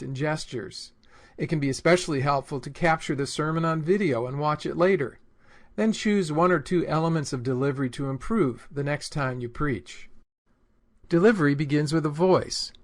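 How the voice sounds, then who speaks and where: A man reads a lesson on sermon delivery in a measured, deliberate way. His voice sits a little above the usual male pitch. The tone is clear and instructive. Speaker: homiletics teacher. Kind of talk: scripted instructional narration.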